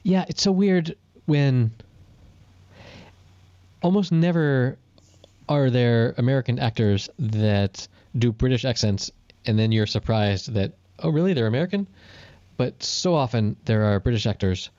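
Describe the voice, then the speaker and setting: A man co-hosting a podcast, telling stories in casual chat and jumping up in pitch when he quotes people. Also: unhurried, no room sound, muffled recording. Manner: animated storyteller, jumps up in pitch for quoted voices. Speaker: podcast co-host.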